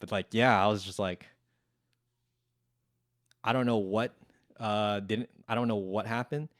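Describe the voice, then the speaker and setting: A man's voice: fairly low pitch, fairly even intonation, unhurried, a bit bright, dry recording, clean studio sound. A young man telling a rambling, profane story in casual chat as a podcast guest, acting out what others said. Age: young adult. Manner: rambling, swears freely, acts out quotes.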